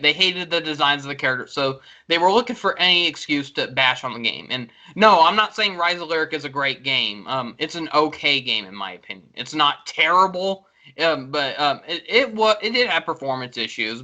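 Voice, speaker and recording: A man's voice: a little high, bright, forceful tone, poor audio. A man chatting casually about video games, rambling with many ums and likes. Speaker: video reviewer and co-host.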